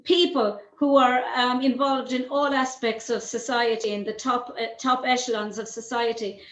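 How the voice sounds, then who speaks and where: A woman's voice: fairly high pitch, fairly even intonation, moderate pace, fairly bright tone, reverberant. An Irish woman hosting an interview over a video call, chatty with many fillers and restarts. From Ireland. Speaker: host.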